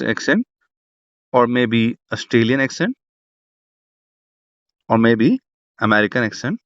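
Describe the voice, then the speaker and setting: In a medium-pitched, fairly bright voice, a man runs an online exam prep class. He repeats himself, keeps restarting, and leans on fillers throughout. There's no room sound, and the audio is dull, dry, and lo-fi.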